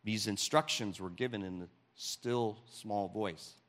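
A man preaching a sermon, reading scripture aloud with dramatic pauses and quiet asides. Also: lowish voice.

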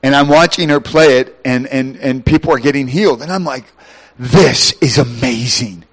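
A middle-aged man preaching a sermon, animated, shouting at times, acting out voices and laughing. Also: medium pitch, fairly quick.

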